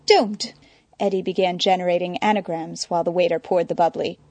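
A woman narrating a story in a measured, wry storytelling manner. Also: fairly low pitch, flat delivery, warm tone, dry recording. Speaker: audiobook narrator. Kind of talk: scripted narration.

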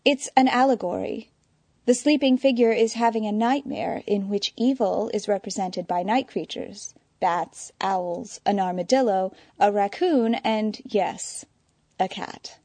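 A woman's voice: medium pitch, unhurried, warm tone, no room sound. A woman voicing a cool, sophisticated woman who chides in a dry, pedantic manner. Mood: dry chiding.

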